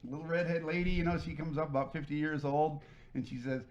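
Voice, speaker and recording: A man's voice: a little high, fairly even intonation, fast, darkish tone, lo-fi sound. A middle-aged man from the northern United States, a guest telling stories in a folksy, chuckling way. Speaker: guest, host's father. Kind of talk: casual storytelling.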